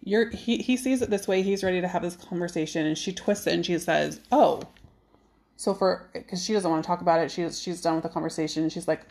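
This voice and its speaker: A woman hosting a podcast in casual chat, animated, acting out quoted dialogue. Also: lowish voice, brisk, gravelly. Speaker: podcast host.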